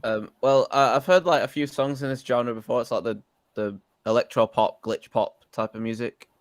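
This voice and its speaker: A man as guest co-host on a music reaction stream, measured and technical in casual chat. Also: mid-range voice, fairly even intonation, dry recording, clean studio sound.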